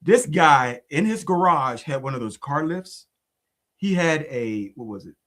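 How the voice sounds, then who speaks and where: A man co-hosting a faith podcast who tells stories in an animated, indignant way. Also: fairly high pitch, a little slow. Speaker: podcast co-host. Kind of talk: casual storytelling chat.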